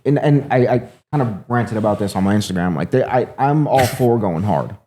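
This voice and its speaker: A man with a low, dark-toned voice tells a story at a rapid clip. His talk is loose and profane, full of fillers like "you know" and "right". It sounds like an unscripted sit-down chat. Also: animated, slight background noise. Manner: fast, rambling, heavy swearing, filler "you know". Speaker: guest, MMA fighter.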